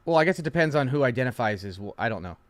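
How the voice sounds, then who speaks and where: A young man casually reacting to posts as a streamer, swearing freely, stammering through restarts and swinging from quiet asides to loud outbursts. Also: mid-range voice, animated, very fast, no room sound. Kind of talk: casual profane reaction chat.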